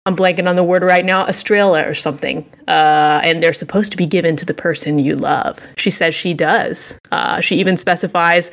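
A woman's voice: lowish voice, fairly even intonation, normal speed, few pauses. A young adult woman co-hosting a podcast, recapping a game with sarcasm and mock-heroic acted lines. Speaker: podcast co-host. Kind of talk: casual game review chat.

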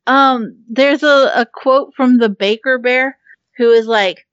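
A woman's voice: on the high side, slow, a bit bright, no room sound. Chatty, swearing woman on a dull mic. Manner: chatty, laughs often, swears freely, many ums. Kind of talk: casual chat. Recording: dull lo-fi recording.

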